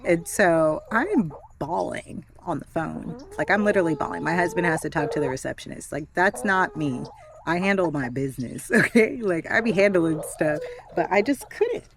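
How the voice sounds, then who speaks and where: A woman in her thirties telling a personal story in a candid, chatty way, with frequent fillers and soft laughs. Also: on the low side, lively intonation, moderate pace, a crowd in the background. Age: 30s. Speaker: vlogger. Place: backyard with chickens.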